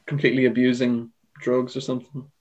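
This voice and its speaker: A man's voice: medium pitch, little pitch movement, a little fast, lo-fi sound. Young man musing in casual chat. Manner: reflective, hedging with "like" and "I don't know". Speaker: podcast co-host.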